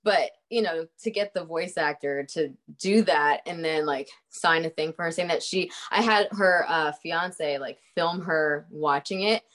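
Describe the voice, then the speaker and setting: A woman's voice: low voice, a little slow, few pauses, a bit bright. A young woman telling a story in a casual chat, laughing often and swearing freely, with lots of fillers.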